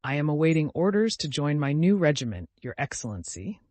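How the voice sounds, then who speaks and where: A man reading an audiobook, voicing a reserved young officer who speaks quietly and respectfully. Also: fairly high pitch, very animated, a little fast, no echo.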